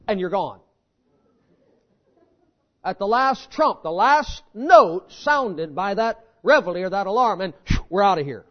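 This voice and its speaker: A man preaching a sermon in a folksy, animated storytelling manner. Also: high voice, unhurried, pauses often. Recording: dull lo-fi sermon recording.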